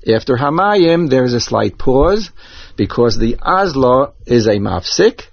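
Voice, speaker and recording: A man teaching Torah cantillation, explaining each accent mark slowly and methodically, step by step. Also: mid-range voice, big pitch swings, creaky, dry recording. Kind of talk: instructional explanation with chanted examples. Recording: dull lo-fi dry recording.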